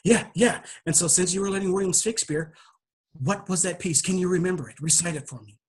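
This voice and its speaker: A man voicing a calm, gentle divine spirit who speaks softly and reassuringly. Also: high-pitched, a little fast, husky. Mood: coaxing. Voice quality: hushed and soft.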